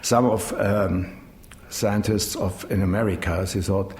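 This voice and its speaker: Brief: middle-aged man, German accent, very low voice, hesitant non-native English, echoey room with faint rumble. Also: steady tone, a little mellow. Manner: halting, searching for English words with many ums. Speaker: managing director of a dubbing studio. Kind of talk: interview answers.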